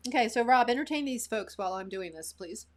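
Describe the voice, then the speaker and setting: A woman's voice: on the high side, animated, a little fast. A woman co-hosting a live stream in casual chat, giggling often and reading out viewer comments. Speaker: co-host.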